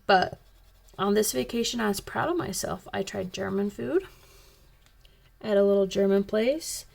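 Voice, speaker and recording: A coloring channel host tells a rambling, chatty story while she colors. Her medium-pitched voice moves at a moderate pace and sounds creaky and a little mellow.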